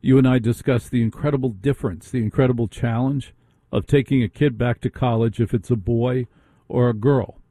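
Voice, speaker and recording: A man's voice: medium pitch, steady tone, a little fast, dark tone, no echo. A middle-aged man hosting a talk radio show, ranting with indignant rhetorical questions. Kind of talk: opinionated talk radio monologue.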